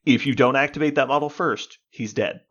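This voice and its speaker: A man's voice: mid-range voice, a little fast, fairly bright tone, highs cut off. A man co-hosting a podcast in casual gaming chat, explaining at length, swearing and laughing as he talks. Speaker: podcast co-host.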